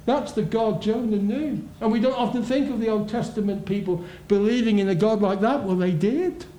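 A man preaching a sermon, emphatic and full of rhetorical questions, his voice swinging between loud and hushed. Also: high voice, moderate pace. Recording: roomy echo.

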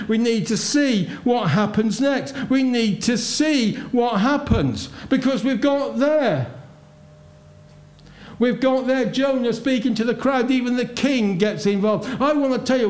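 Man, preacher, sermon, high-pitched, emphatic, rhetorical questions, echoey hall. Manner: emphatic, rhetorical questions, swings between loud and hushed. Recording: roomy echo.

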